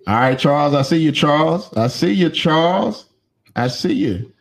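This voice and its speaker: A man's voice: on the high side, lively intonation, moderate pace. Joking male podcast host. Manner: loose, joking, shouts out to viewers. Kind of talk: casual podcast chat.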